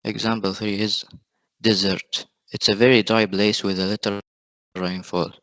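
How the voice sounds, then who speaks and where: A male student giving a short class presentation, reading his examples slowly and evenly over a video call. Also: lowish voice, flat delivery, a bit bright, no room sound, rough recording.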